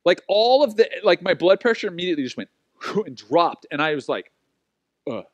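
High-voiced, lively pastor in his forties. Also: brisk, no echo, dull audio. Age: 40s. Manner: animated, self-mocking storytelling. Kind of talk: sermon with personal stories.

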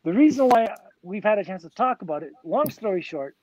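A man's voice: sits high, animated, fairly quick, a little mellow, dry recording. A man in his sixties, a record producer guest on a podcast, telling a casual, rambling story full of "like" and "you know". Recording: dull, lo-fi, dry.

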